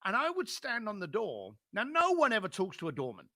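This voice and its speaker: A man with a London accent tells stories as a podcast guest, lively and animated, slipping into other people's voices as he goes. His voice sits high and has a bright, forceful edge. The sound is close and dry. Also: a little fast, no echo. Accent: London English. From London, England. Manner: animated storyteller who acts out other people's lines. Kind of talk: storytelling in a podcast interview.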